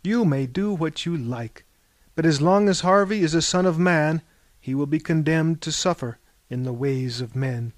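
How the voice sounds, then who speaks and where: A man's voice: fairly high pitch, normal speed, no room sound, natural voice. A man doing a weary, dismissive king of gods.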